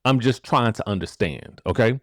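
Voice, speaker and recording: A man hosting a casual celebrity gossip commentary, animated and rhetorical, who keeps asking the viewers questions and checking in with them. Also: medium pitch, normal speed, no room sound, studio quality. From rural area. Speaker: gossip show host.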